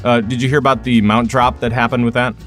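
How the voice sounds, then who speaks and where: A man's voice: mid-range voice, flat delivery, fast talker, fairly bright tone, faint music behind. A man hosting a gaming podcast, reading plugs and chatting loosely with plenty of fillers. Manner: rambling, filler-heavy, laughs easily. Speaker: podcast host. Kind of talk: casual podcast chat.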